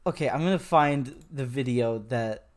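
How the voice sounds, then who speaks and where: A man from the United States co-hosting a podcast, chatting casually and excitedly with frequent laughs and restarts. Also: mid-range voice, moderate pace. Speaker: podcast co-host. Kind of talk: casual chat.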